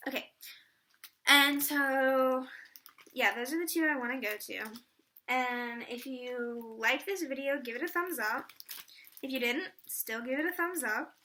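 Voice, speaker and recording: A woman's voice: high voice, pushed and bright. A teenage girl vlogging in a casual, rambling way with lots of fillers, from the Atlanta area. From Atlanta area, US Southern. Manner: bubbly, rambling with many fillers. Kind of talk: casual chat.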